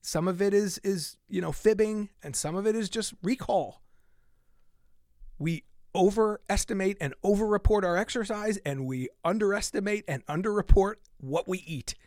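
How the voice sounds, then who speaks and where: Lively man hosting a fitness podcast. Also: sits high, moderate pace, dry recording, studio quality. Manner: animated, repeats and stresses key lines. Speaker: podcast host. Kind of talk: casual explainer reading from a study.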